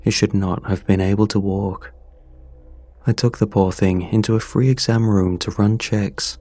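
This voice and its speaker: A man narrating a scripted horror story in a measured, somber way. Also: fairly low pitch, fairly even intonation, mellow, no room sound.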